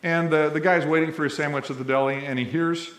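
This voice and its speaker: This Missouri college president, middle-aged, talks fast in a slightly high, fairly bright voice with fairly even intonation. His ceremony speech in a large hall is humorous and anecdote-rich, delivered in a chatty way that plays to the crowd, and the room's echo is audible.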